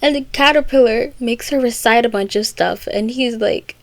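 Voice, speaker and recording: A woman casually retelling a classic story in a chatty, rambling way, popping into quick character voices. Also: on the high side, dry recording.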